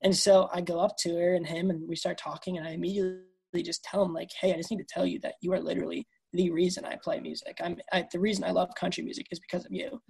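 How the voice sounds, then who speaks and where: Her voice low-leaning and gravelly, a twenty-something woman talks quickly with hardly any pauses as a guest musician on a video call. She animatedly recounts a story in this casual interview, acting out the dialogue and saying "dude" and "bro."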